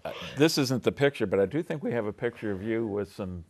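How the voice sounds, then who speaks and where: A male interviewer with a very low voice asks gentle questions that prompt his guest. He speaks in plain, even terms. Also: fast talker, husky.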